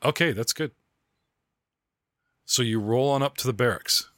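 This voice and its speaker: A man's voice: medium pitch, a little slow, a bit bright, dry recording, clean studio sound. A man hosting a podcast as game master, describing scenes in a chatty, rambling way. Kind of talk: running a tabletop game.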